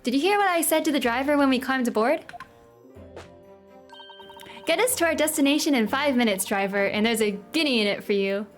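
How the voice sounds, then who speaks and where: A woman voicing a polite, earnest young woman assistant in a proper, high reading voice. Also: lively intonation, fairly quick, long pauses, faint music behind.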